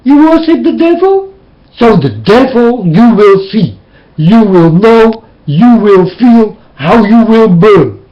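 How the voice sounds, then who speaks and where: A man's voice: high-pitched, animated, slow, mellow, lo-fi sound. A man preaching intense, repetitive warnings into a webcam. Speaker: self-styled preacher. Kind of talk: webcam sermon.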